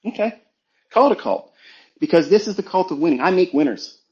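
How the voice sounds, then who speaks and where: A man's voice: high voice, lively intonation, fairly quick, darkish tone. Blunt, profane man preaching, muffled audio. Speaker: trading mentor. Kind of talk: motivational talk on a live audio stream.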